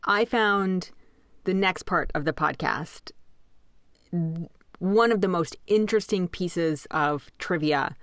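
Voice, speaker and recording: Woman, podcast co-host, wry quick reactions, lowish voice, dry close sound. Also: fairly bright tone, no room sound. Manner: chimes in with short reactions, wry. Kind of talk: casual podcast chat.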